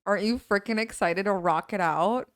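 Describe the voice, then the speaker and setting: Smooth, teasing young woman. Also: mid-range voice, moderate pace, dry recording, studio quality. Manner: teasing, blunt. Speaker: podcast co-host. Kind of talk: casual chat.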